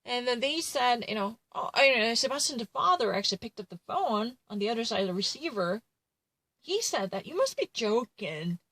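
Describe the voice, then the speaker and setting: A woman's voice: fairly high pitch, lively intonation, fairly quick, bright, forceful tone, no room sound, poor audio. A woman retelling a true crime case in casual commentary, rambling and full of fillers and self-corrections.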